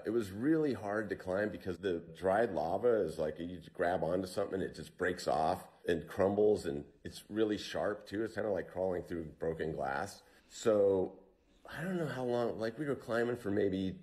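A man being interviewed, recounting a survival story in a relaxed, storytelling way with fillers and restarts. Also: deep voice. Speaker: interview guest.

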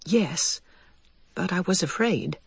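A reader voicing a timid but determined mother mouse who speaks softly and hesitantly. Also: medium pitch, animated, slow, vocal fry, husky, dry recording, heavily acted. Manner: soft, hesitant.

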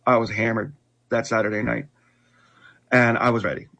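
A middle-aged man earnestly telling his life story in conversation, halting and restarting often. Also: medium pitch, flat delivery, vocal fry, a bit bright. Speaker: guest telling his testimony.

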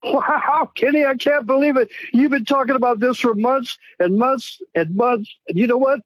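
A man's voice: very high voice, moderate pace, no echo, rough recording. A man calling into a radio show, speaking in an emotional, grateful and rambling way. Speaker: caller. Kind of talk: call-in radio talk.

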